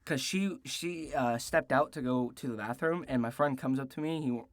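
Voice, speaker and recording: A man's voice: medium pitch, normal speed, dry recording. Rambling, foul-mouthed teenage guy, dry sound. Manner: rambling and profane, with frequent restarts and fillers. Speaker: storytelling vlogger. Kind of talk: casual story time.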